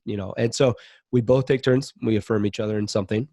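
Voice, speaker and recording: A man's voice: on the low side, fairly quick, a little mellow, dry recording, clean studio sound. A man speaking as a podcast guest in a casual interview, earnest and reflective as he talks openly about his own life.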